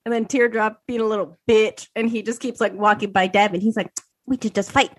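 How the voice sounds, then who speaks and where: A woman in her thirties co-hosting a podcast, telling an animated story with lots of swearing and acted-out quotes. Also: medium pitch, brisk, dry recording. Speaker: podcast co-host. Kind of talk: casual chat.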